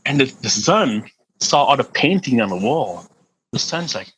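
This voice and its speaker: A middle-aged man, a podcast guest, telling a story in a casual, animated way, laughing and swearing freely and often repeating words. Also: medium pitch, moderate pace, rough recording.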